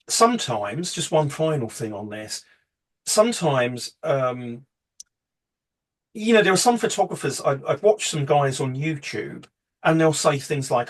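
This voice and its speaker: Husky man rambling through a talk. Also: fairly high pitch. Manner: rambling, heavy with fillers and restarts. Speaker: photography workshop presenter. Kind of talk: casual slide presentation.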